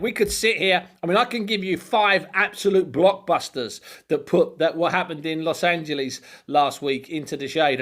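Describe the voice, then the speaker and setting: A man, co-hosting a casual chat and telling stories with animated laughter. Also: on the high side. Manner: animated storyteller, laughs often. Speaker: podcast co-host.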